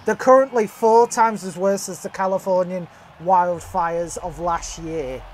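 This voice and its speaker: A woman hosting a casual gaming video, given to excitable exclamations and earnest appeals. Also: fairly low pitch, unhurried, slight background noise. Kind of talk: casual gameplay chat.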